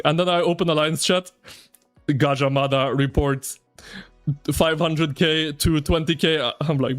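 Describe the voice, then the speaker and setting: A man streaming live, chatting with his viewers in an excitable, slangy, ranting way. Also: a little high, normal speed, clear, resonant tone, faint music behind. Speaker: game streamer. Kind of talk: casual live-stream commentary.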